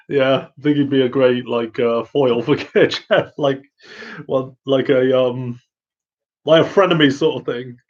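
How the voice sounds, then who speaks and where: A man's voice: medium pitch, fairly even intonation, takes it slowly, long pauses. A man hosting a casual live chat, rambling with lots of fillers and frequent giggles. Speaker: host answering viewer questions. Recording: muffled lo-fi audio.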